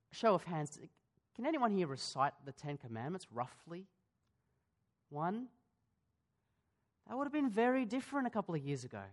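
A pastor preaching a sermon in a church, in a conversational way, asking the congregation questions and often restarting his sentences. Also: mid-range voice.

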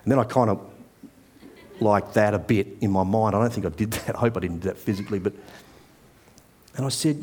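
A man's voice: lowish voice, brisk, long pauses, a little hiss or hum. Earnest man telling a sermon story. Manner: conversational storytelling, earnest and gentle. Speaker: preacher.

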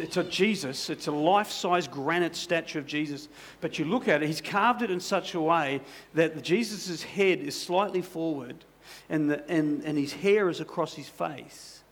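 Gravelly-voiced pastor telling a story. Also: male voice, a little high, slight background noise. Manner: conversational, many "you know" asides. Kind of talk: sermon with storytelling.

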